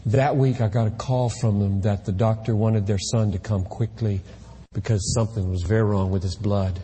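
A man preaching a sermon from the pulpit with impassioned delivery, at times rising to shouts. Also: on the low side, fairly even intonation, moderate pace, in a large hall, a little hiss or hum. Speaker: pastor. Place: church sanctuary.

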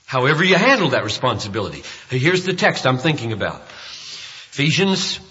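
An older man preaching a sermon at a rally, telling stories with loud emphasis and hushed asides. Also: mid-range voice, a little fast, breathy edge. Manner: animated storytelling, swings between loud emphasis and hushed asides. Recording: dull reverberant hall recording.

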